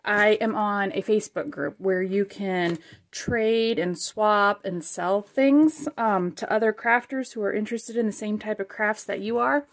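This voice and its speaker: A woman hosting a casual crafting vlog, unboxing supplies with chatty, gushing excitement and frequent fillers. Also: mid-range voice, measured pace. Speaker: craft channel host.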